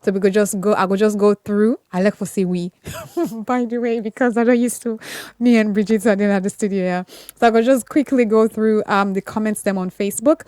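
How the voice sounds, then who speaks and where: An effusive woman hosts a radio breakfast show. She reads listener comments in a relaxed, chatty way and keeps thanking her audience. Her voice sits at a middle pitch and sounds dry and close in the studio. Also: brisk, no room sound. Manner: warm, effusive, repeats thanks often. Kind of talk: casual radio chat reading listener comments.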